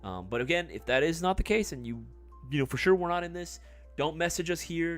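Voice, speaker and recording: A man hosts a livestream in a loose, joking way, swearing now and then and answering the chat. His voice sits a little high and swings widely in pitch. Faint music plays behind him. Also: expressive, a little fast. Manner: joking, talks back to live chat; mock ASMR murmur. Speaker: livestream host.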